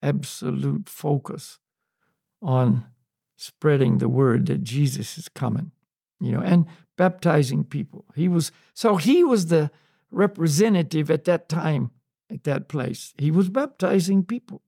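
A man in an unscripted spiritual discussion, talking slowly and searchingly with many restarts and "you know"s. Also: fairly high pitch, gravelly, mellow, breathy edge, dry recording, clean studio sound. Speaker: podcast co-host on spiritual topics.

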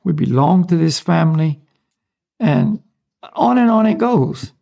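A man from the United States, a spiritual teacher, explaining ideas in a relaxed, casual conversational way with small chuckles. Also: a little high, unhurried, creaky.

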